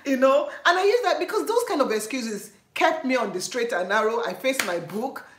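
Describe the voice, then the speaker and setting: A woman with a Nigerian accent telling a story on her vlog in an animated, laughing way. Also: high voice, normal speed. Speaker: vlogger. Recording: echoey room.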